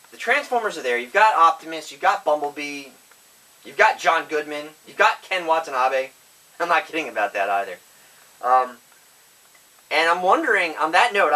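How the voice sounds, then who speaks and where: A man with a high, bright, sharp-edged voice talks through a movie review in a loose, rambling way, drifting into tangents and restarting his sentences. He gets loud and fired up when he pushes a point. His voice sits a little back from the microphone. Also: far from the mic, rough recording. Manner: rambling, goes off on tangents, self-correcting. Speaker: film reviewer.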